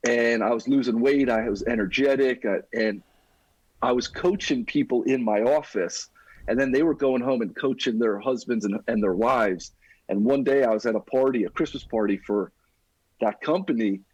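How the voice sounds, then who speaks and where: Husky-voiced man telling his story. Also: medium pitch, normal speed, no echo, lo-fi sound. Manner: energetic, talks like a buddy, says "dude". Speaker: podcast guest. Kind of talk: casual storytelling.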